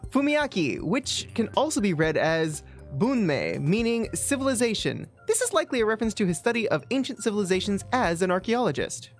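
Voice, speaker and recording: A live streamer reads game trivia and viewer messages aloud in a playful, chatty way. The pitch rises and falls a lot. Soft game music plays in the background. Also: sing-song, a little fast, hardly any pauses. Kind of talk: casual chat while playing a game.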